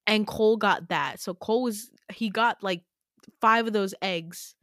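A woman's voice: unhurried, no room sound. Chatty woman telling a dream, dry sound. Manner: chatty, frequent "like" fillers, swears freely; animated, swings into sudden high exclamations. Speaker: podcast host. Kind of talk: casual storytelling of a dream.

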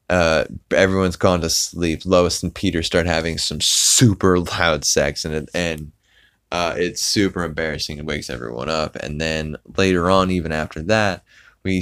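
Podcast host, man, low and smooth, casual rambling recap, frequent fillers. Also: a bit bright. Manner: rambling, laughing, swearing, many fillers.

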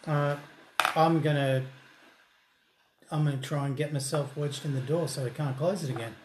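A man playing a tabletop role-playing game, speaking casually and putting on bold, threatening bluster in character. His voice sits a bit high. An echoey room with faint noise surrounds him. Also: fairly even intonation, moderate pace. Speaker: player.

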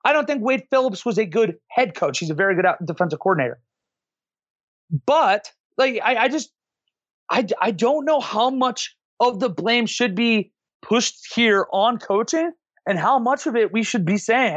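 A man's voice: high voice, expressive, normal speed, fairly bright tone, no echo, muffled recording. A man co-hosting a casual sports podcast, hesitant and often restarting, with sardonic jabs. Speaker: podcast co-host.

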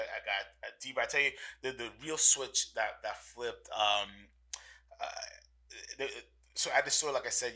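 A man's voice: mid-range voice, pushed and bright. A young man telling a casual story about his sales career, rambling, with many fillers and restarts.

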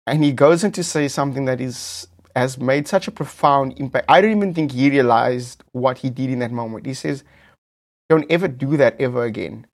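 Camp, animated South African man telling a story. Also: a little high. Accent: South African English. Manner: animated, camp, drawn-out delivery with repeated phrases. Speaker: podcast host. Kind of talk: casual storytelling chat.

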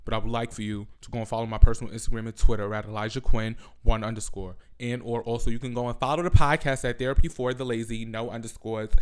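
A man's voice: medium pitch, clean tone. A young man hosting a casual solo podcast from home, rambling and self-mocking, swearing freely, with "like" in every other sentence. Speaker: podcast host. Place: home with family over. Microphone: close podcast mic.

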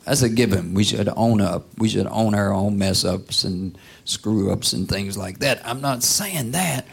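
Male preacher, husky gravelly voice, conversational sermon with rhetorical questions, now and then a whisper. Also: fairly low pitch, a little slow. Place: church.

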